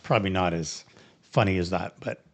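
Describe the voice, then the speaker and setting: A man co-hosting a podcast, relaxed, recounting an old prank with lively quoted dialogue. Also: sits low, fairly quick, gravelly. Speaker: podcast co-host. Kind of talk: casual storytelling among friends.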